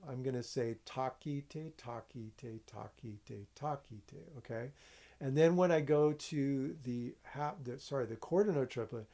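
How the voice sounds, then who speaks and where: A man's voice: medium pitch, dark tone. A man teaching a music lesson, explaining rhythm step by step, counting aloud and checking in with his students.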